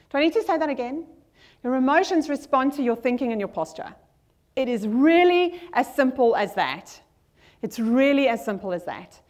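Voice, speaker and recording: A woman giving an energetic motivational talk at a conference, repeating key lines and leading the audience in reading a power statement aloud. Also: high-pitched. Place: conference hall with a screen.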